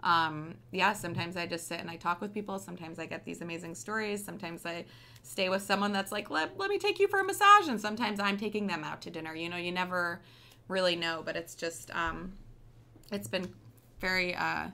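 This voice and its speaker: A woman's voice: on the low side, fairly even intonation, a little fast, creaky, pushed and bright. A young woman telling stories as an interview guest, chatty, with many ums and likes. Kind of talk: casual storytelling interview.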